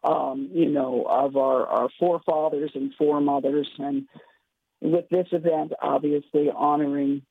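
Hoarse woman guest on a tinny phone line, gravelly, rambling, clears throat. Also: deep voice, dry recording. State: hoarse, losing voice. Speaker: radio guest, gala chair. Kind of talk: radio phone-in interview.

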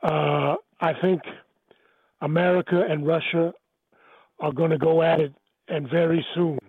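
A man's voice: fairly high pitch, fairly even intonation, unhurried, no room sound. A man calling in to a radio show, speaking hesitantly and starting with fillers. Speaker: caller. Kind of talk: phone call to a radio show. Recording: husky tinny phone line, dry.

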